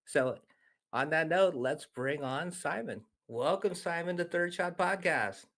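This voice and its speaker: A man's voice: on the high side, expressive, a little slow, fairly bright tone. A man co-hosting a podcast, chatty and upbeat as he talks to listeners and brings on a guest. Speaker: podcast co-host.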